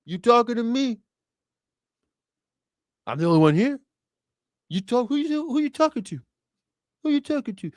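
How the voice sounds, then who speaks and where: A man doing an impression of a brooding New York tough-guy film star, repeating a menacing challenge in a gruff voice. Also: extremely high pitch, very animated, normal speed, pauses often, dry recording, studio quality, voice pushed up.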